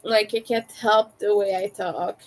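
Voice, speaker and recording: Slow-talking woman with a French accent. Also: mid-range voice, fairly even intonation, rough recording. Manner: carefully overpronounces her T's. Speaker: crochet livestreamer. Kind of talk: casual livestream chat.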